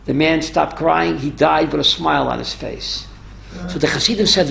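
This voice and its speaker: A man, a rabbi, telling stories in a lively talk and quizzing his listeners. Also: on the high side, moderate pace, gravelly. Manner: animated, asks the audience questions. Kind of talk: storytelling Torah talk with audience.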